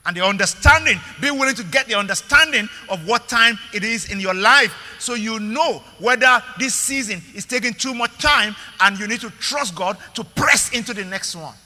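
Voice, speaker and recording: A man's voice: high voice, lively intonation, normal speed, hardly any pauses, sharp tone, big-room sound. A male pastor preaching a sermon in an emphatic way, repeating words and calling out to the congregation.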